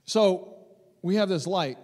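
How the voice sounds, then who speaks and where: A man in his thirties, a pastor preaching a sermon on a church stage, animated and emphatic, acting out voices and repeating lines for effect. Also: high voice, slow, in a large hall. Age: 30s.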